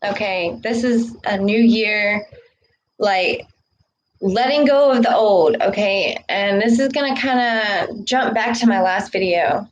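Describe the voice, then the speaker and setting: A woman giving a casual spiritual talk to camera, preaching with a steady stream of "okay" and "all right". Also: medium pitch, slow, highs cut off, slight background noise. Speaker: spiritual vlogger.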